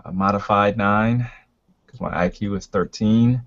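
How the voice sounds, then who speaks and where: A man's voice: fairly low pitch, fairly even intonation, measured pace. A man playing in a tabletop role-playing game, hesitant and thinking aloud as he decides his moves. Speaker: player. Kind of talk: casual tabletop game talk. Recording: dull lo-fi voice chat audio.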